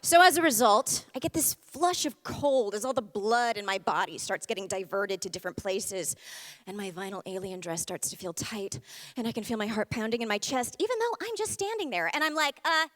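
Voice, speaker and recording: A young woman performing a comic stage monologue, animated and self-mocking. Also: mid-range voice, brisk. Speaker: storyteller performer. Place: theater stage. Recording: long theater reverb.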